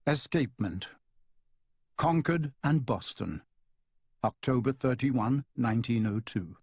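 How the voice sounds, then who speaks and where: A man reading a novel aloud in a calm, measured narration. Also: medium pitch, breathy edge, no room sound, studio quality. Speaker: audiobook narrator. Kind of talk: scripted narration.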